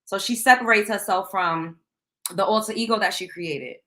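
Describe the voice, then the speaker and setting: A woman's voice: medium pitch, normal speed, pushed and bright. A woman hosting a show, reacting to a clip with indignant, emphatic commentary. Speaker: show host.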